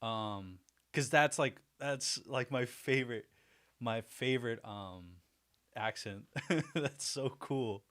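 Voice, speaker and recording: A man's voice: mid-range voice, slow pace, a bit bright. A man hosting a casual livestream, chatty and self-deprecating, laughing often as he talks to his viewers. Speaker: livestream host.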